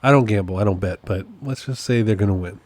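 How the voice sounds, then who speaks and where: A man's voice: on the low side, fast talker, darkish tone. A man hosting a casual solo podcast update, rambling and amused at himself, often repeating his points. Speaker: podcast host and process server.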